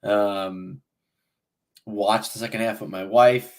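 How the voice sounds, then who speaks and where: A young man co-hosting a fan podcast, retelling a match in a rambling, animated way. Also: on the low side, slow. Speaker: podcast co-host. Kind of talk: casual chat.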